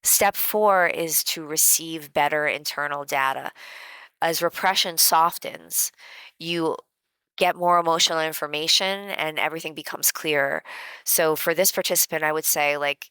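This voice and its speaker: A woman teaching a guided emotional self-help lesson in a gentle, conversational way, with many casual fillers. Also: low-pitched, clear, resonant tone, no echo, poor audio.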